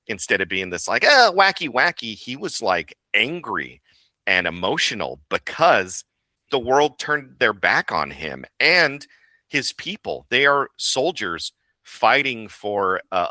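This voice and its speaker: A man, a voice actor and director, talking casually in an interview. He is animated, laughs often and slips into voices. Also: lowish voice, a little slow, no room sound.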